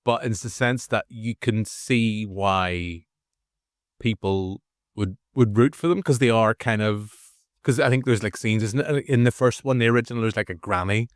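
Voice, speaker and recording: A Northern Irish man co-hosting a movie review podcast, rambling casually with restarts and animated asides. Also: lowish voice, normal speed, dry recording, clean studio sound. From Northern Ireland. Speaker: podcast co-host.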